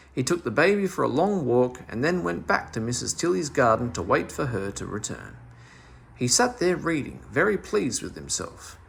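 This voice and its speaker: Gravelly, expressive male storyteller. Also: mid-range voice. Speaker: storybook reader. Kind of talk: children's story read-aloud.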